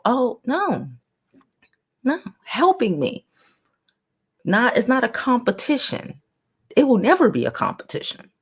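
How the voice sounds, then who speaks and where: A woman hosting a casual livestream, talking bluntly with profanity and reading viewers' comments aloud in a lowered, softened voice. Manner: putting on a lower, softer new voice. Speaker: livestream host.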